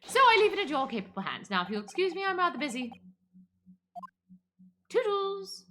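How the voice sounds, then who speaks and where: A woman voicing a pompous, eccentric male detective with a lowered, theatrical posh manner. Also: sing-song, moderate pace, sharp tone, slight background noise, heavily acted. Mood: breezy, haughty.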